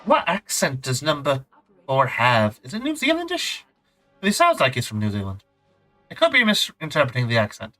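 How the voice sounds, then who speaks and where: Male streamer, bright and animated, chatty self-mocking gameplay commentary over faint game music. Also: mid-range voice, moderate pace, low-quality recording.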